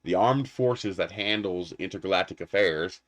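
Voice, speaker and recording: A man hosting a casual livestream, rambling and animated, laughing at his own jokes. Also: low-pitched, normal speed, no room sound. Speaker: livestream host.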